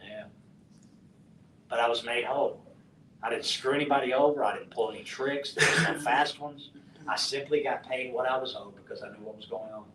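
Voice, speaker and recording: A middle-aged man from West Texas, telling a profane, animated story to a conference audience and acting out the dialogue. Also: a little fast. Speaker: conference speaker. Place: conference hall. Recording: roomy, distant mic with faint rumble.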